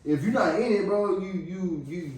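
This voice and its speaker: A man's voice: high-pitched, normal speed, a crowd in the background. A man co-hosting a podcast in casual chat, laid-back and laughing along. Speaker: podcast co-host. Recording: echoey room, mic far off, faint noise.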